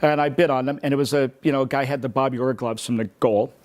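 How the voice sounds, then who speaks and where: Fast-talking man telling a collector's story. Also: medium pitch, fairly even intonation, darkish tone. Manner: rapid, rambling anecdotes with restarts. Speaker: memorabilia collector. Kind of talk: animated storytelling.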